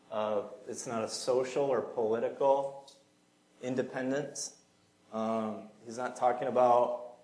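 A man's voice: medium pitch, a little mellow, echoey room, poor audio. A man preaching a sermon in a church sanctuary, earnest and conversational, with small fillers along the way.

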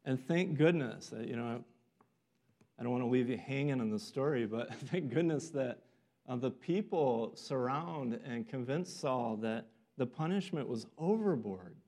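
A man's voice: medium pitch, expressive, measured pace, dark tone. A man preaching a sermon earnestly, acting out the voices of people in a story. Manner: earnest, acts out quoted voices.

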